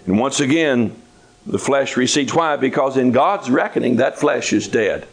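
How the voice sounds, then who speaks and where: A man's voice: mid-range voice, animated, moderate pace, low-quality recording. A man preaching a sermon in a folksy, conversational way with touches of humor.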